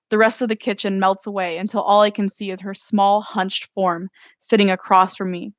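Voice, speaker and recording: A woman author reading her own novel aloud in a steady first-person narration during a live stream. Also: mid-range voice, moderate pace, few pauses, no echo.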